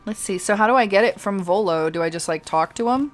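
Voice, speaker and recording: A woman's voice: mid-range voice, quick pace, few pauses, soft background music. A woman streaming a game live, chatting casually and rambling, laughing often. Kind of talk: casual chat over gameplay.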